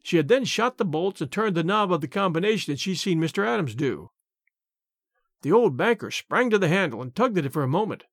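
A man reading a classic short story aloud, expressive and varied. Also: high-pitched, brisk, no echo, studio quality.

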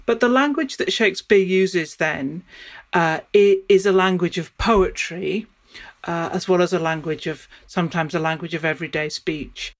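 Lady professor explaining stuff, lots of stops and restarts, thinking out loud. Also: fairly low pitch. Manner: thinking aloud, halting with many restarts. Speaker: professor of Shakespeare studies. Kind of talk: interview, explaining.

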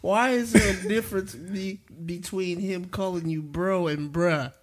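A man's voice: high-pitched, fairly even intonation, unhurried. A man co-hosting a podcast, laughing and asking teasing questions in casual chat. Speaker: podcast co-host.

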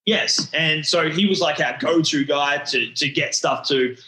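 A man's voice: a little high, unhurried, pushed and bright, reverberant, rough recording. A man in his thirties with an Australian accent, telling stories as a guest in a casual interview, slangy and full of restarts. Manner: rambling storyteller, slangy, many restarts.

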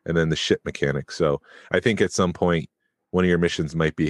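A man's voice: low-pitched, steady tone, fairly quick, dry recording, studio quality. A man co-hosting a podcast, chatting casually and thinking aloud with fillers. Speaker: podcast co-host.

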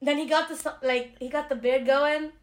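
A young woman hosting a casual pop-culture podcast, talking in an animated, sarcastic way with quick asides. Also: high voice, a little hiss or hum. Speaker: podcast host.

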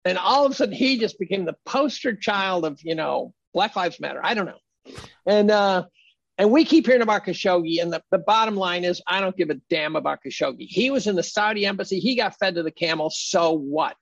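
Gravelly, husky man arguing emphatically. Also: high voice, animated, brisk, no echo, dull audio. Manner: emphatic, argumentative. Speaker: podcast guest. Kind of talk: casual conversation.

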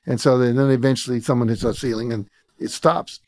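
A man hosting a podcast talks through stories in an easy, reflective way. His voice sits at a middle pitch. The sound is dry and close. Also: fairly even intonation, a little fast, a little mellow, no echo. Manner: storytelling, reflective. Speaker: podcast host. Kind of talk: casual interview chat.

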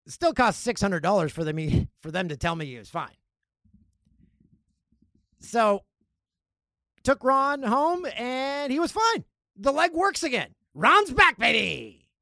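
A man hosting a podcast, telling stories in a casual, animated way and acting out other people's lines. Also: high-pitched, takes it slowly, long pauses, no echo, studio quality. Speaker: podcast host. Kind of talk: casual storytelling.

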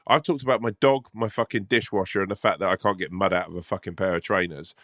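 A man, a comedian co-hosting a podcast, telling stories in a casual, animated and sweary way. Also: low-pitched, fast, no room sound, clean studio sound. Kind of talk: casual chat.

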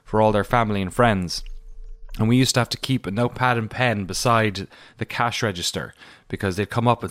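A man's voice: lowish voice, fairly quick, fairly bright tone, no room sound. An Irish man co-hosting a podcast in casual, rambling chat with many fillers and self-deprecating asides. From Ireland. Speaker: podcast co-host.

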